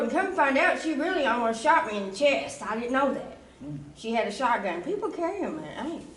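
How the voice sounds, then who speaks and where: Young woman, bright voice, conversational testimony, roomy distant sound. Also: sits high, a little hiss or hum. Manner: casual storytelling with frequent asides. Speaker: speaker giving a recovery testimony. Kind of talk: personal testimony.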